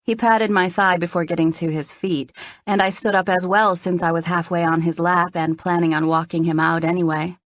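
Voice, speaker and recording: A woman narrating a first-person romance novel in a soft, intimate reading. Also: on the low side, fairly even intonation, moderate pace, dry recording. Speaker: audiobook narrator.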